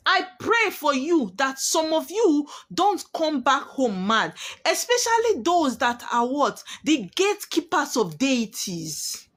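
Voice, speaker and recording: A woman speaks as a spiritualist addressing her followers. Her voice sits high and swoops widely as she drives home warnings in an emphatic, preaching manner. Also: sing-song, takes it slowly, hardly any pauses, fairly bright tone. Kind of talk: prophetic monologue to viewers.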